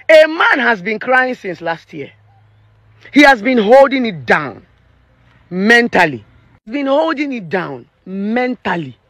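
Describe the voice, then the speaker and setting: A woman's voice: mid-range voice, no echo. Emphatic Nigerian woman ranting. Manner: emphatic and preachy, slipping into Pidgin. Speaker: relationship therapist. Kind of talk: opinion vlog rant.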